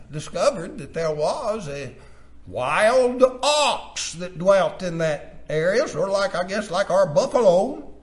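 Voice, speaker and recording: A man preaching a sermon, reading scripture aloud and swinging from low, quiet asides to loud, rising exhortation. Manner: reads scripture aloud in King James wording.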